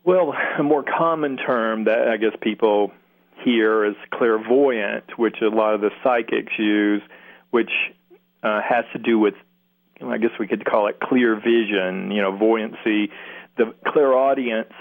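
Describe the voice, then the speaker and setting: A man's voice: on the low side, fairly even intonation, unhurried. A man from Kentucky with a Southern accent, talking reflectively in an interview, with many restarts. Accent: Southern American. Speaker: guest healer. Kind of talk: interview answers. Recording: phone-line radio sound.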